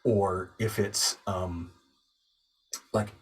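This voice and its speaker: A man who works as a voice actor and narrator, a guest on the show, calmly and thoughtfully explaining his craft step by step in casual conversation. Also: deep voice, very slow, breathy edge, far from the mic. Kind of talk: casual interview chat.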